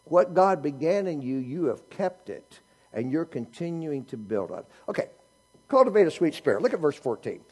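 Husky, lively preacher man. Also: fairly high pitch, normal speed. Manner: animated preaching, rhetorical questions, teasing humor. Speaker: pastor. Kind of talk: sermon.

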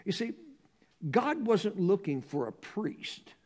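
A man preaching a sermon, reading scripture slowly and swinging from hushed tones to loud emphasis. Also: high voice, very animated. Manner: reads scripture in a slow, measured cadence.

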